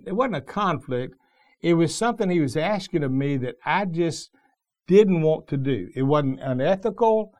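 A middle-aged male pastor delivers a sermon in a fairly high voice for a man. He talks in a loose, conversational way, often restarting his sentences as he tells a story. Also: a little mellow.

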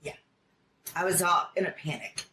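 A woman interviewee retelling events in an animated, panicky way, full of fillers and quoted dialogue. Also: lowish voice, moderate pace. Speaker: interviewee, friend of missing woman. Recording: roomy distant recording with faint background noise.

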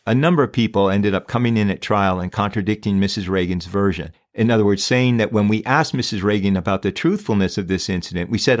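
A man with a somewhat low voice hosts a true crime podcast. He talks emphatically and keeps firing off pointed rhetorical questions. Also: quick pace, hardly any pauses. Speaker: podcast host.

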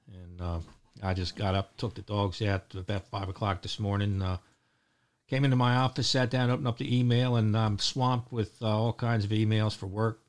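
An older man with a Baltimore accent talks through a loose morning chat as host. His voice sits a little low, and he rambles along, joking and filling gaps with ums and uhs. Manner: rambling, joking, with many fillers.

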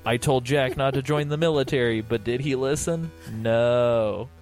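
A man's voice: medium pitch, measured pace, a little mellow, faint music behind, natural voice. A man reading as a nagging mother. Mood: scolding.

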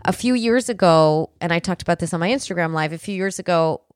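A woman's voice: on the low side, fast talker, clean tone, dry recording, studio quality. A woman in her forties hosting a podcast, telling family stories in an earnest, conversational way with frequent restarts. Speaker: podcast host. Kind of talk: casual podcast monologue.

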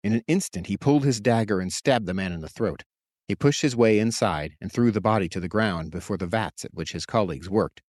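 A man reading his own story aloud in steady, measured audiobook narration. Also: fairly low pitch, dry recording, clean studio sound. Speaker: author and narrator.

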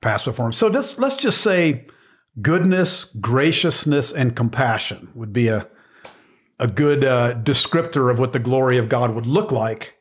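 Husky man teaching scripture. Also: mid-range voice, expressive, measured pace. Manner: earnest, reflective, with many ums and restarts. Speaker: podcast co-host. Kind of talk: casual Bible teaching chat.

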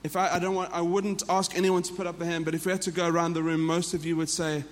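A man's voice: on the high side, flat delivery, quick pace, few pauses, big-room sound. A man with a South African accent, preaching a sermon to a church in an earnest way that often repeats and restarts phrases. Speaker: pastor.

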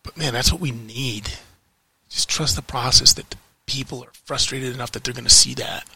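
Man, frustrated vlog rant, swears a lot, repeats himself, husky voice, dry close sound. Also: mid-range voice, bright, forceful tone, no echo. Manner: heated, swearing, repeats phrases, emphatic pauses. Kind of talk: frustrated political rant to camera.

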